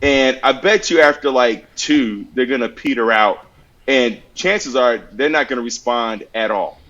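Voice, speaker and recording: A man's voice: mid-range voice, measured pace, a bit bright, dull audio. A man on a podcast giving earnest, conversational advice and telling anecdotes as examples. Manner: earnest, storytelling with acted-out examples. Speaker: podcast guest giving mental health advice.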